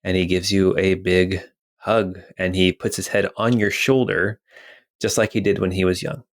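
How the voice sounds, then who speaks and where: A man's voice: low voice, little pitch movement, normal speed. A man narrating a tabletop game as game master in a casual, rambling way with many fillers.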